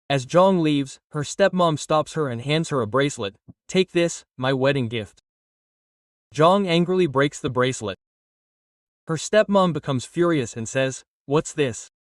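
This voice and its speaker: Brisk male narrator, distant dry mic. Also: a little high, animated, dry recording. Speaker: drama recap narrator. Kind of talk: scripted plot narration.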